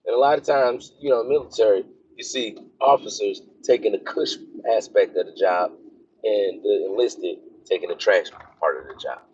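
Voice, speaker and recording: A man's voice: on the low side, moderate pace, darkish tone, a little hiss or hum. A man, a military officer, talking in a rambling, casual vlog style with lots of fillers. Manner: rambling, conversational, many fillers. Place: driving onto a military base. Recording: dull lo-fi sound.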